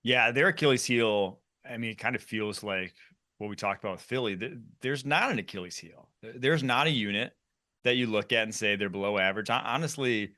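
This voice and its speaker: A man hosting a football talk show, animated and quick as he runs the segments. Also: fairly low pitch. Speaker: podcast host.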